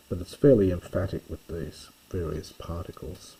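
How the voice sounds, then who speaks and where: A man giving a careful, explanatory close reading of a Greek play as a lecturer, pausing to correct himself. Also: deep voice, steady tone, mellow, slight background noise, poor audio. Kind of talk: slow scholarly close reading.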